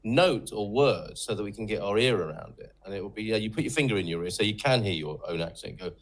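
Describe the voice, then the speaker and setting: A British man co-hosts a relaxed conversation with a playful, easily amused manner. His pitch swings widely as he talks, rising and falling with energy. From Britain. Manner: playful, animated, quick to laugh and do silly voices. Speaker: co-host. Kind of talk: casual conversation.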